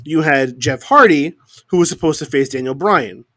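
A man's voice: a little high, expressive, moderate pace, fairly bright tone, no echo, clean studio sound. A man co-hosting a casual wrestling podcast, ranting with exasperation about how the show was written. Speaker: podcast co-host. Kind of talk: casual wrestling opinion chat.

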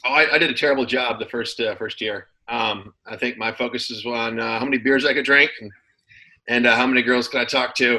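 Former football player as interview guest, thirties, bright voice, relaxed and rambling. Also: male voice, mid-range voice, fairly quick, low-quality recording. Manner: relaxed storyteller, many fillers and restarts. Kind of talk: casual interview chat.

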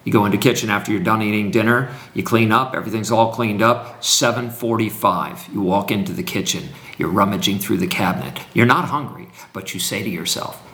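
A man's voice: fairly low pitch, brisk, few pauses, fairly bright tone. A man speaking in a teaching conversation with emphatic, preacherly build-ups and repetition. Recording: roomy echo.

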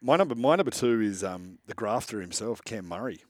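A man's voice: on the low side, lively intonation, a little fast, dry recording. A man, co-hosting a casual sports chat and talking with eager admiration. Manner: enthusiastic, admiring. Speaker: radio co-host.

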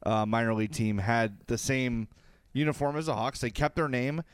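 A sports podcast co-host from Illinois, giving opinionated hockey talk in an emphatic, repetitive, lecturing way. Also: male voice, medium pitch, moderate pace, smooth, no room sound. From Illinois, USA.

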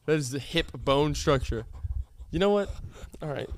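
A young man co-hosting a podcast, trading quick jokes and defensive comebacks. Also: a little high, lively intonation. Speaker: podcast co-host. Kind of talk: casual podcast banter.

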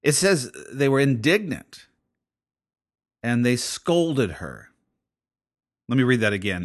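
Male pastor, sermon, casual explanatory delivery, frequent restarts, mid pitch. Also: very animated, unhurried, long pauses. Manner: conversational, thinking aloud with frequent restarts.

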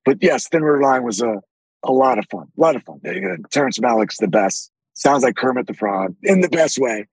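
A man with a deep, raspy voice, telling animated stories with frequent swearing as a podcast guest. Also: moderate pace, dry recording, low-quality recording. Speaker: actor guest. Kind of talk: casual podcast interview.

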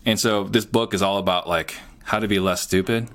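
Guesting on an interview show, the middle-aged real estate entrepreneur chats casually and sincerely, filling his speech with "you know." He talks a little fast in a low-pitched, fairly bright voice with fairly even intonation.

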